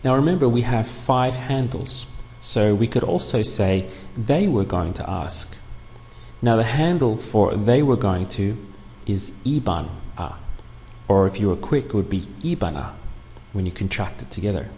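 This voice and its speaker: A man with a lowish, gravelly voice teaches a beginners' language lesson, going patiently through each step. His voice rings with a long reverb, and a faint hiss sits underneath. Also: dark tone. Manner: patient, clear step-by-step explaining. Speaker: Spanish teacher. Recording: long room reverb, faint background noise.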